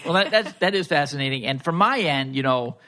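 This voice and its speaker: A man co-hosting a podcast, chatting in a relaxed, supportive way. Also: on the high side, a little fast. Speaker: podcast co-host. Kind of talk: casual podcast chat.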